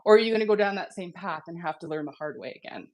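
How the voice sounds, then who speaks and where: A woman guest in a casual interview, explaining with earnest, gentle warmth, her throat slightly sick. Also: fairly low pitch, quick pace.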